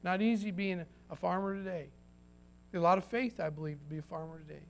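A man's voice: high-pitched, quick pace, vocal fry, soft background music. A man preaching a sermon to his congregation, folksy and emphatic, with repeated phrases and asides to the listeners. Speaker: pastor.

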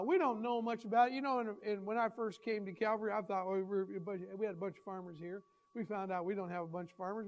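A man preaching a folksy, rambling sermon, his voice hoarse and often interrupted by throat-clearing. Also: high-pitched, low-quality recording. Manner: folksy, rambling, many restarts and fillers. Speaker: pastor.

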